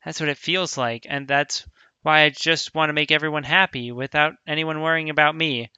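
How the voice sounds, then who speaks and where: A man reads a visual-novel teenage schoolgirl who seems cheerful but quietly hides depression, using his own bright, smooth, rather high voice. He speaks softly and subdued at a moderate pace with a steady tone, close to the mic in a dry, dead space without echo.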